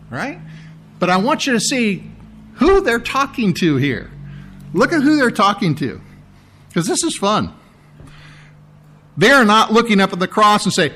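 A man delivers a sermon in a fairly high voice. He teaches verse by verse with lively emphasis. Now and then he slips into a mocking tone. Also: unhurried, long pauses. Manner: animated, mocks the priests in a put-on sneering voice. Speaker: preacher.

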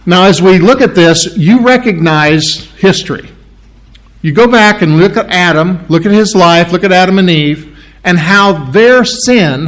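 Middle-aged male pastor, slightly higher voice, teaching sermon with restarts and throat-clearing. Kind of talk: expository sermon.

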